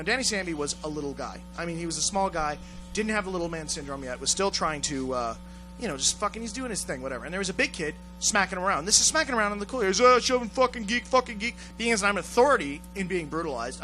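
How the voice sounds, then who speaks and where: A man telling a rough story on a casual talk show, swearing a lot and acting out the voices of the people in it. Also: high-pitched, racing, faint music behind, rough recording. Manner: profane, animated, acts out voices in his story. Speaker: podcast host telling a story.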